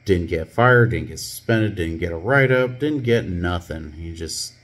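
A man with a slightly low voice, telling a personal story in an easy, conversational way. He is wry and plain-spoken, with plenty of ums and uhs. He sounds like a former police officer recounting his days on the force. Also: expressive, a little slow, few pauses, a bit bright. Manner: conversational, wry, many fillers. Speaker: scuba channel host, former police officer. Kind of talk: casual storytelling.

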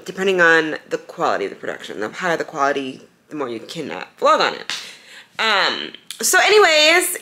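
A woman's voice: mid-range voice, bright, forceful tone. A young woman vlogging in a casual, chatty, upbeat way, talking to her viewers on a handheld camera as she goes about her day. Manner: chatty, upbeat, quick asides. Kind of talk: casual vlog chat. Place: home, then car and store.

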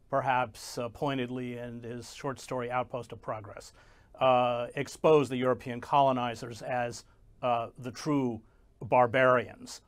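A man hosting an interview, speaking in a measured, deliberate way with filler pauses. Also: medium pitch. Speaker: interview host. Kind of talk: interview, reading a passage aloud.

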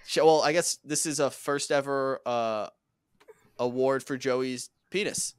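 A man's voice: medium pitch, fairly even intonation, measured pace, clean tone, dry recording. A man co-hosting a comedy podcast, announcing mock awards in a dry, mock-formal way during casual chat. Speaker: podcast co-host presenting awards.

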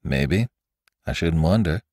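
A man's voice: extremely low pitch, animated, slow pace, a little mellow, dry recording, studio quality, voice pushed down, heavily acted. A man voicing a brusque, evasive country woman who answers shortly in rustic speech. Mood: curt.

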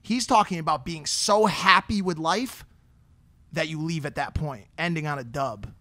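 Bright-voiced, thoughtful male podcast host. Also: on the high side, moderate pace, dry recording. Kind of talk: casual podcast chat.

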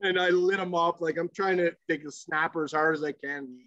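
A man's voice: on the high side, a little fast, no echo, muffled recording. A man, a former pro hockey player, telling swearing, laughing stories as a podcast guest. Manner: animated, profane, laughs while telling stories. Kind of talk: casual storytelling.

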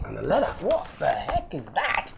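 Lively, chatty man unboxing fan mail. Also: a little high, normal speed, creaky, background noise. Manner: chatty and easily delighted, chuckling often. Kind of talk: casual unboxing chat.

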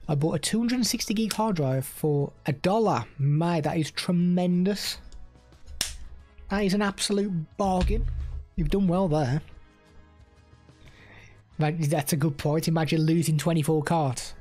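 Husky streamer chatting casually. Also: male voice, on the high side, unhurried, pauses often, darkish tone, soft background music. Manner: chatty, rambling, reads out chat messages. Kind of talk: casual live stream chat.

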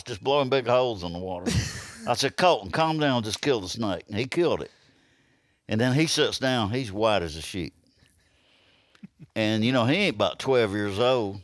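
A man's voice: medium pitch, dry recording. Middle-aged Southern man, Alabama accent, easygoing storyteller, dry close mic. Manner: lively yarn-spinner who acts out quoted lines. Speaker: podcast guest. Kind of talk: casual storytelling.

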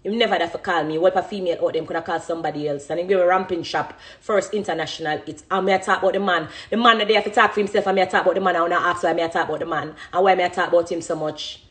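A woman's voice: on the low side, steady tone, racing, hardly any pauses, fairly bright tone. A woman in her thirties with a Jamaican accent, a dancehall artist giving an impassioned, emphatic monologue and repeating phrases for emphasis.

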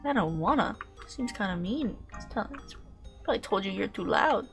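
A woman's voice: medium pitch, lively intonation, normal speed, faint music behind. A young woman casually commenting while playing a game, mumbling jokes and swearing under her breath. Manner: mumbling, joking asides, swears. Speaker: gaming channel host. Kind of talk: casual let's-play commentary.

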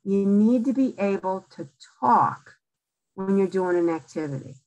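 A woman giving a library lecture at a slow, deliberate pace. She coaches in short, emphatic phrases and keeps checking in with her listeners. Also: mid-range voice, expressive, darkish tone, rough recording. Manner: direct, coaching, frequent "okay?" checks. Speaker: lecturer on aging in place. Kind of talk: public library talk.

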